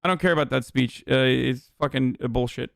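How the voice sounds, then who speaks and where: A man's voice: mid-range voice, fairly quick, creaky, dry recording, clean studio sound. Profane, exasperated young male streamer. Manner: blunt, profane, exasperated ranting. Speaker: streamer and political commentator. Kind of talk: casual livestream commentary.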